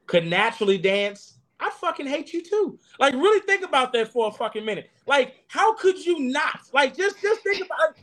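Young man panelist, high lively voice, swearing freely as he riffs and backtracks. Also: normal speed, few pauses. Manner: profane, animated riffing with many restarts. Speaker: podcast panelist. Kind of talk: casual chat.

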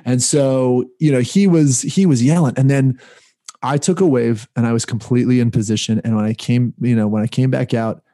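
Man from Israel, casual storyteller, mellow tone, rambles with restarts; conversational podcast read. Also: mid-range voice, fairly even intonation, moderate pace. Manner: rambling, many restarts and fillers.

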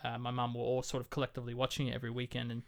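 A man co-hosting a film podcast in casual chat, telling stories with animated delivery. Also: mid-range voice, racing, gravelly, clean tone. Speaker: podcast co-host.

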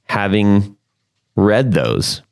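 A man with a very low voice hosts a laid-back guitar gear podcast. He rambles cheerfully, jokes, and restarts his sentences with plenty of ums and uhs. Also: very animated, extremely slow, gravelly, clear, resonant tone. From United States. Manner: chatty, joking, filler-heavy. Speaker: podcast host. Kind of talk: casual podcast chat.

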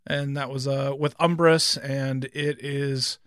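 A man's voice: medium pitch, flat delivery, slow, fairly bright tone, no room sound. A man co-hosting a casual podcast, with dry, understated teasing. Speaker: podcast co-host. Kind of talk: casual chat.

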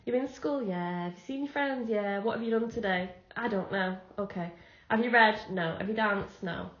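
A woman's voice: mid-range voice, normal speed, a bit bright. A young woman co-hosting a podcast, chatting casually and acting out the dialogue in the stories she tells, with frequent laughter. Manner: chatty storyteller, acts out the dialogue in her anecdotes, laughs often. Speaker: podcast co-host. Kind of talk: casual chat. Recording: echoey room, dull lo-fi sound.

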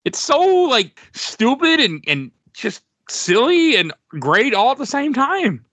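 Bright-voiced man retelling a game story. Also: very high voice, sing-song, takes it slowly, slightly rough, dry recording. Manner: storytelling with frequent restarts. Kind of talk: casual chat about video games.

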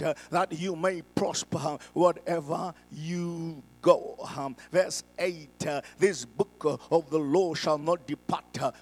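A pastor preaching a sermon with a South African accent, who breaks his lines with constant "uh" fillers and builds to shouted declarations. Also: on the high side. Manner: fills pauses with constant "uh".

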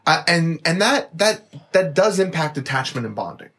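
A man co-hosting a podcast as a new father, talking in casual chat, a bit tipsy and rambling with quick asides. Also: on the high side, big pitch swings, a bit bright. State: tipsy from drinking.

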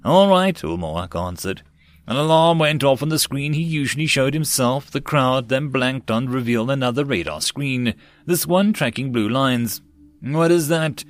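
A man narrating a web novel as an audiobook, in a steady storytelling read. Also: mid-range voice, normal speed, dry recording.

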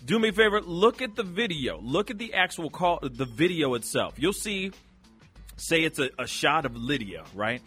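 Lively, bright-voiced male radio host. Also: on the high side, moderate pace, breathy edge, faint music behind. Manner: animated, slangy, talks to listeners directly. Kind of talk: casual chat.

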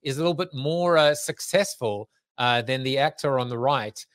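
A man's voice: mid-range voice, normal speed, a bit bright, no echo, clean studio sound. Chatty, hesitant man hosting. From South Africa. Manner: chatty, jokey, hesitant with many fillers. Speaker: podcast host. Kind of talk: casual interview.

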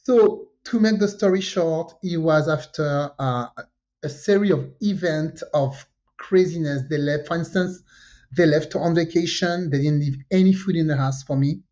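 A female podcast co-host from France spins a casual story at a moderate tempo. Animated and prone to frequent fillers, she raises or drops her pitch abruptly for quoted lines. Audio quality is dull and lo-fi.

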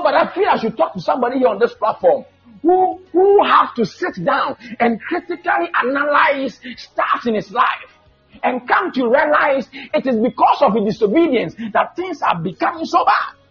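A male preacher delivers a fiery sermon in a very high, animated voice, shouting and stretching out emphatic, drawn-out Bible quotes. The church recording is dull, lo-fi and muffled, with faint music.

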